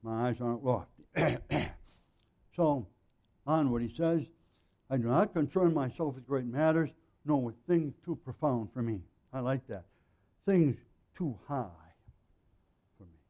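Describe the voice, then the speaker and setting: Mellow-voiced male pastor, earnest sermon. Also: mid-range voice, a little slow, pauses often. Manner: frequent throat clearing, earnest and plain-spoken. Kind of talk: conversational sermon.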